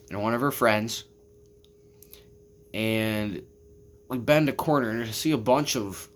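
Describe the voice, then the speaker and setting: Speaking into his camera for viewers, this male vlogger has a lowish voice with a fairly bright tone. His long personal story wanders casually, packed with curse words and fillers like "I mean" and "you know what I'm saying."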